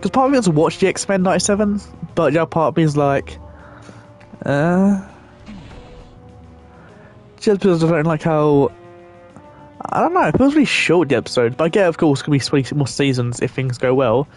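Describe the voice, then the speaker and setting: A man's voice: on the high side, lively intonation, fairly quick, long pauses, a little mellow, faint music behind. A young man rambling casually and swearing now and then as he plays a game and chats with viewers. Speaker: gaming channel host. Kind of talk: casual gameplay commentary.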